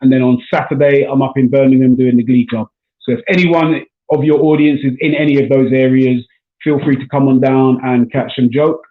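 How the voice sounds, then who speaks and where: A man's voice: mid-range voice, brisk. A man from South London with a South London accent, a stand-up comedian chatting casually on a video call. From South London, England. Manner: relaxed, chatty, says man and bro often. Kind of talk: casual chat. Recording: echoey, tinny call audio.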